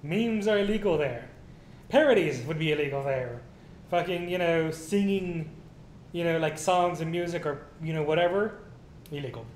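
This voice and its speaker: A man co-hosting a casual news commentary stream, ranting with profanity and reading news items aloud. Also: normal speed. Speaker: co-host. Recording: echoey room with faint rumble.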